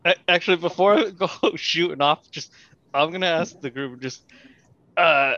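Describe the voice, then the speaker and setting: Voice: medium pitch, moderate pace, a bit bright, highs cut off. A player in a tabletop role-playing game, joking and hesitant, often restarting sentences. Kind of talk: casual tabletop game play.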